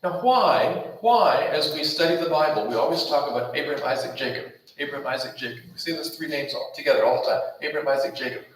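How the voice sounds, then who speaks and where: A man preaching a Bible study in a strongly echoing church hall, heard from some distance off the mic with a faint hiss behind him. His voice sits a little high for a man, and he presses his points with repetition and rhetorical questions. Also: quick pace, hardly any pauses. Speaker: pastor. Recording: roomy echo, mic far off, faint noise.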